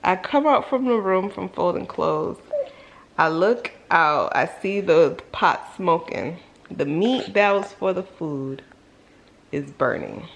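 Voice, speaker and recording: A woman vlogger telling a personal story in a casual storytime monologue, full of "like"s and sudden high, loud exclamations. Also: creaky. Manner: animated, filler-heavy retelling with many "like"s.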